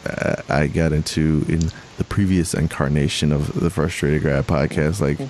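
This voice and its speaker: Deep-voiced man rambling on a podcast. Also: fairly even intonation, normal speed, a little mellow. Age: young adult. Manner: rambling, self-correcting, laughs often. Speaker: podcast co-host. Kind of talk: casual chat. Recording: faint hiss.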